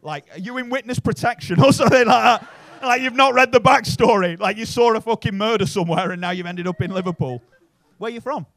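A man's voice: high-pitched, fast, fairly bright tone, no room sound. A man from Bury near Manchester with a Manchester-area accent, doing a sweary stand-up set in a comedy club, chatting with the crowd and tagging lines with "right?".

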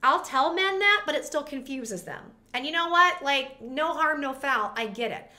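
A woman's voice: sits high, animated, normal speed, pushed and bright. A woman vlogger at her home setup, telling a personal story to the camera in a chatty, rambling, self-deprecating way.

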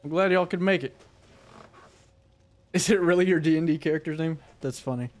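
Slightly high-voiced male game streamer. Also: a little fast. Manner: excited, urgent callouts during play; laid-back, joking with chat between rounds. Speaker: livestream host playing a game. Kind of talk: casual gaming chat.

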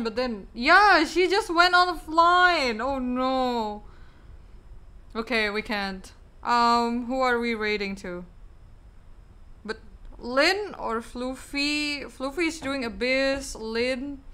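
A woman's voice: fairly high pitch, a bit bright, clean tone. A young woman with an Indonesian accent, a game streamer chatting casually and rambling through her sign-off, repeating words and goodbyes.

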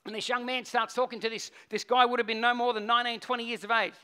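A man preaching a sermon in a high, bright voice. He tells stories, climbing to loud, urgent peaks and then dropping into low, quiet stretches. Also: level tone, quick pace, clear, resonant tone. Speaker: pastor.

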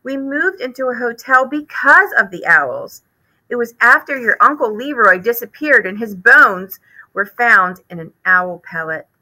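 A woman's voice: on the high side, expressive, unhurried, pushed and bright, voice pushed up, heavily acted, low-quality recording. A woman voicing a fussy, worried mother mouse who frets and pleads in a storybook read-aloud. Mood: anxious. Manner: anxious, pleading.

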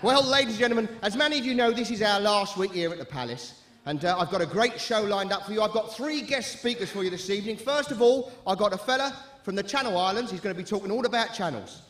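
On stage, a man playing a club compere performs brash music-hall patter as live comedy. His high-pitched voice is a bit bright and moves at a quick pace.

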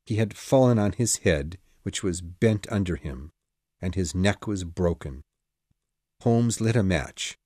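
A man narrating an audiobook in a dramatic, measured storytelling manner. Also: low voice, mellow, dry recording, clean studio sound. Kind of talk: scripted narration.

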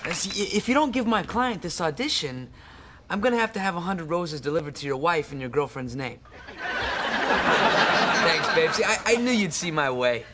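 A man's voice: on the high side, lively intonation, moderate pace, over a noisy crowd, very noisy, close to an everyday voice. A man playing a slick young phone hustler. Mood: persuasive. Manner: smooth-talking, wheedling. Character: scheming young man posing as a talent agent. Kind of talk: sitcom acting.

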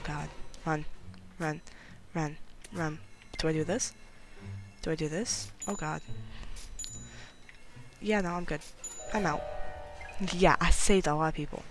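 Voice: mid-range voice, fairly even intonation, a little slow, pauses often, soft background music, rough recording. A gameplay commentator talking casually while playing, chatty and giggly, mocking themself and getting nervous when danger comes near. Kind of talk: casual let's-play commentary.

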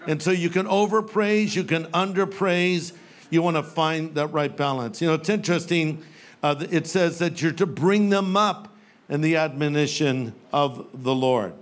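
Older male pastor preaching, light and funny, voice a touch high. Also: normal speed. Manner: humorous storytelling with playful quoted voices. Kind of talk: sermon. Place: church sanctuary with live audience.

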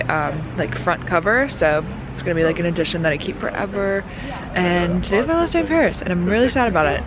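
A woman's voice: mid-range voice, noisy background. A young woman in her twenties, a student, talking casually to her camera outdoors in a city, chatty and full of fillers. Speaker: student vlogger. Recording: loud music over the voice.

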